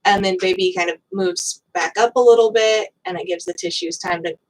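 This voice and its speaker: Calm, matter-of-fact woman explaining birth. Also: mid-range voice, fairly quick, gravelly, low-quality recording. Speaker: guest birth expert. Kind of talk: casual health talk.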